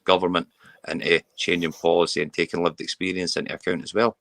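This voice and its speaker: A man's voice: deep voice, level tone, fast, vocal fry, a bit bright, no echo. A Scottish man speaking candidly as a guest about men's mental health, earnest and often repeating words as he restarts. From Scotland. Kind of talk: candid interview talk.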